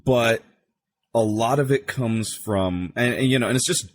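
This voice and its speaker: A man's voice: mid-range voice, a little slow, no room sound. A man who works as a voice actor, chatting casually as a podcast guest and acting out quotes as he explains. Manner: animated, acts out quotes while explaining.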